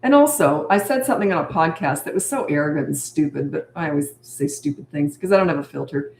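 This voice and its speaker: A woman's voice: deep voice, lively intonation, quick pace, gravelly, darkish tone, echoey room, slight background noise. An older woman and parenting coach answering viewer comments on a live stream, chatty and emphatic, repeating her key points.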